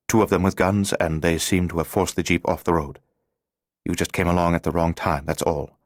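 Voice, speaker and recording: A man's voice: low-pitched, dry recording, clean studio sound, natural voice. A man playing an urgent, secretive male stranger in an audiobook, giving terse instructions.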